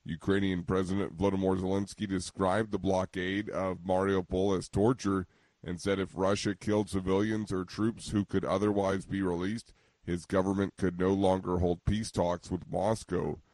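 A man reading a radio news bulletin as the anchor, in a measured, even delivery. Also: deep voice, no echo.

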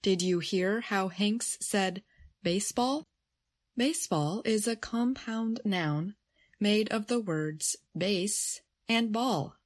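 A woman's voice: mid-range voice, takes it slowly. A woman co-presenting a scripted grammar lesson, reading carefully and reading out example phrases. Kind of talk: scripted educational narration.

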